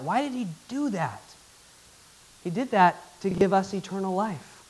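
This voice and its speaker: Lively high-voiced male preacher. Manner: animated preaching, swinging from loud bursts to hushed appeals. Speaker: pastor. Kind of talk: sermon. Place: church.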